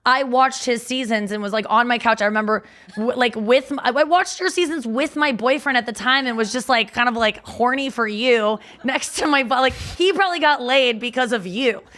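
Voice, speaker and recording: Her voice is a little high and a bit bright, and she speaks at a normal speed. She's a woman comedian guesting on a studio podcast, telling a meandering story full of fillers and laughs in casual conversation.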